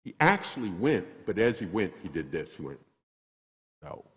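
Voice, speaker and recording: Male pastor, sermon, low voice, lively pitch swings, long church reverb. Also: a little fast. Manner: animated, acts out quotes, emphatic repetition. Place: church sanctuary.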